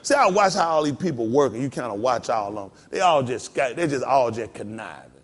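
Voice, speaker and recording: Speaking in a mid-range voice at a fairly quick pace, a pastor preaches with folksy animation. He breaks into mock voices and joins the congregation's laughter.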